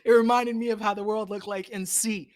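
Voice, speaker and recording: A man co-hosting a casual podcast chat, excitable, swearing and acting out scenes in a raised voice. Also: sits high, a little fast. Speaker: podcast co-host.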